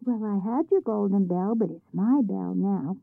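A woman's voice: medium pitch, measured pace, creaky, no room sound. A woman reading a storybook, voicing a clever farm boy who answers cheekily. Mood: cheeky. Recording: tinny phone-like sound.

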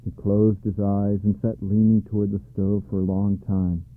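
Male storybook narrator, calm and measured, lowish voice, dry thin phone-like sound. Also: dry recording. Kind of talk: storybook reading. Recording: dry tinny narrow-band sound.

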